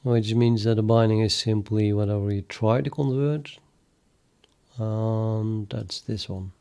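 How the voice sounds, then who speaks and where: A man thinking aloud while he codes live, chatting with viewers in a halting, muttering way that trails off mid-sentence. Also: on the low side, steady tone, creaky, dark tone, clean tone. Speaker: programmer streaming live development.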